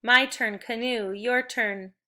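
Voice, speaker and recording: A woman teaching a recorded phonics and spelling lesson to young children, speaking slowly and clearly with encouragement. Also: fairly high pitch, fairly even intonation, sharp tone.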